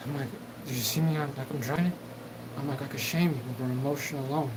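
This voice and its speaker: A man's voice: medium pitch, steady tone, fast talker, background noise. A man hosting a solo show, talking in a rambling, profane monologue and acting out quoted back-and-forth exchanges. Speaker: host.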